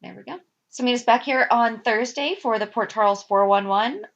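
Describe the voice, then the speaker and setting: A woman's voice: a little high, moderate pace, dull audio. A woman co-hosting a podcast, chatting casually and mostly reacting with short comments. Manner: brief reactions, lively intonation. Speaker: podcast co-host. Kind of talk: casual chat.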